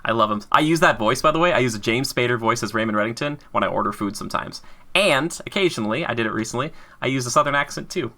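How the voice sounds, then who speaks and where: A young man hosting a podcast, chatting casually in a rambling, jokey way and jumping into high laughing outbursts. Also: lively intonation, fast talker, bright, forceful tone. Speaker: podcast host.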